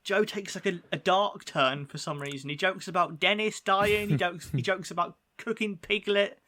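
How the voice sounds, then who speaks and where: A man's voice: high voice, moderate pace, bright, forceful tone. A man co-hosting a snooker podcast in casual chat, jokey and playful. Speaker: podcast co-host.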